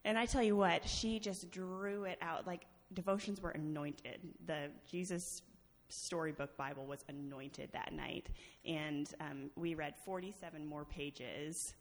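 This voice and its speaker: Her low-pitched voice stays steady and unhurried, with hardly any pauses, as she gives her testimony to the congregation. The storytelling is chatty, with frequent laughter and many fillers, echoing with the long reverb of a large church sanctuary.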